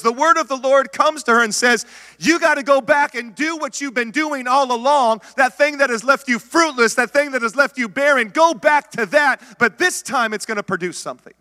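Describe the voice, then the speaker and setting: A middle-aged pastor preaching with a high, bright voice that carries through a large, echoing sanctuary. He tells his story animatedly, acting out his own past words and calling out to the people in front of him. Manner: calls out to the congregation. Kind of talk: sermon. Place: church sanctuary. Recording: long hall reverb.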